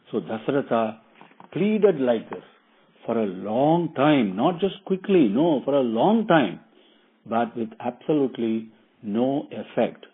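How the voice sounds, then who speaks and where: Guy retelling an old epic story, rambly with lots of uhs, husky voice, tinny phone-line sound. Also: mid-range voice, animated, measured pace. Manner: rambling, repeats himself with many fillers.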